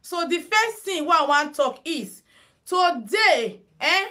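A woman's voice: very high-pitched, sing-song, slow pace, pushed and bright. A middle-aged Nigerian woman with a Nigerian accent, hosting a casual beauty livestream on her phone and chatting with her viewers in Pidgin-mixed English. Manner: chatty, addresses viewers as "my people", sing-song calls. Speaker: makeup and headwrap livestream host.

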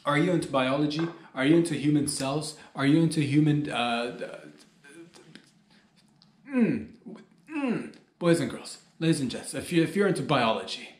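A man's voice: a little high, expressive, moderate pace, roomy sound. A man hosting a solo comedy podcast, rambling and joking as he talks straight to his listeners.

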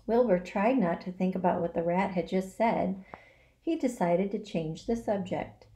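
Woman, teacher, storybook read-aloud, expressive, middle pitch. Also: normal speed. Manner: expressive, dramatic reading with voices.

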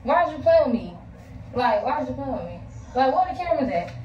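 A woman's voice: high voice, sing-song, fast talker, darkish tone, recorded from a distance, highs cut off. A woman arguing with her boyfriend, sassy and accusing, swearing freely. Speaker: girlfriend being pranked. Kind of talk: heated casual argument. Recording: echoey room, a bit off-mic, faint noise.

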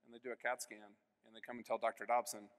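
This American keynote speaker, a man in his 50s, shares a testimony of his faith in a big convention hall where the sound reverberates. He has a mid-range voice, talks fast and delivers his words flatly. His earnest storytelling jumps abruptly between loud and soft.

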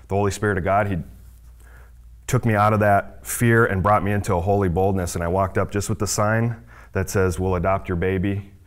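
A man's voice: sits low, clean tone. A man giving an earnest personal testimony in a ministry talk, with frequent fillers and restarts. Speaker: ministry leader.

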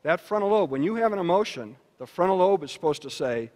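A man speaking at a luncheon, giving an educational talk to parents in an animated, storytelling manner. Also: fast, few pauses. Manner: animated storytelling with shifts in pitch and loudness. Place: banquet hall. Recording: reverberant hall.

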